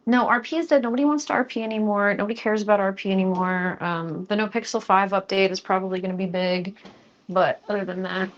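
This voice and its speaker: In a lo-fi recording with a little hiss or hum, a young woman with a mid-range voice cooks on a live stream. Speaking close to a studio mic, she keeps the chat casual and playful, joking with viewers and picking up speed when flustered.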